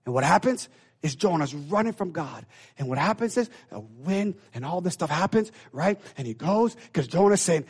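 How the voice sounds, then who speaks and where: A high-voiced man preaching to his church with big swings in energy. He acts out the lines of the figures in his story and rises at times to a near shout. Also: normal speed, husky. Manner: animated, acts out biblical voices, builds to shouts. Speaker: pastor. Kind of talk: sermon.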